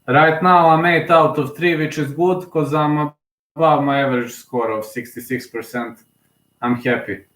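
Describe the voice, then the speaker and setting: Young man, excited fan commentary on a fight, repeats lines, roomy echoey sound. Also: medium pitch. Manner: excitable, emotional, repeats himself. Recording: roomy echo.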